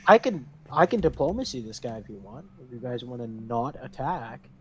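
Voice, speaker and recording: A man's voice: mid-range voice, animated, normal speed, a bit bright, slight background noise. A man playing a tabletop role-playing game, tentative and thinking aloud. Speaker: player. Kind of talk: casual tabletop game chat.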